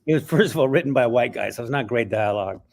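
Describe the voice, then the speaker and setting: A male writer and actor telling stories in an interview, animated and acting out bits along the way. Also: mid-range voice, racing, creaky. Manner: animated, acts out voices, frequent restarts. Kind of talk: interview storytelling.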